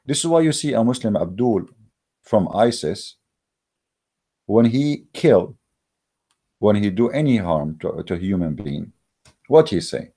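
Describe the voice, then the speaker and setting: A man speaks in a fairly low, warm-toned voice. He delivers a heated, mocking polemic, piling on emphasis and stumbling through fillers as he argues. The tone stays scornful and combative throughout. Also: sing-song, unhurried, pauses often, husky. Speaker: online religious debater. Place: recorded while in Germany.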